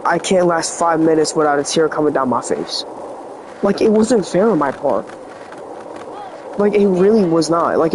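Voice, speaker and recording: A man's voice: on the high side, a little hiss or hum, poor audio. A teenage boy vlogging in an earnest, rambling way, full of "like" fillers, his voice slightly sick and cracking. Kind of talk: confessional vlog talk.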